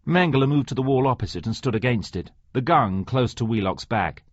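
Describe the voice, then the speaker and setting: A man narrating an audiobook in a slow, deliberate reading. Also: medium pitch, husky, dry recording. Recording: dry, slightly muffled recording.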